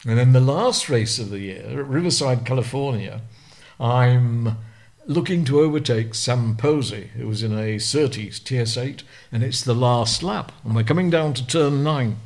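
An older man with a Lancashire accent spins racing anecdotes with a storyteller's relish, acting out the voices of the people he quotes. His voice sits at a middle pitch for a man. He speaks as a guest in an interview. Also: moderate pace, darkish tone. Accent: Lancashire English. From Lancashire, England. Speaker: guest, retired racing driver.

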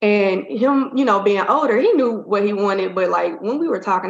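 Gravelly-voiced woman telling her story. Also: medium pitch, normal speed. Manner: candid, rambling, many fillers. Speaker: interview guest. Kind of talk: casual storytelling in an interview. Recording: roomy, dull-sounding audio.

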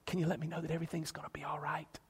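A man's voice: high-pitched, steady tone, moderate pace, a bit bright, long reverb tail, voice pushed up. A man preaching acts out a desperate father begging for help for his sick son, pouring out stammering, pleading words. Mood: whispered pleading.

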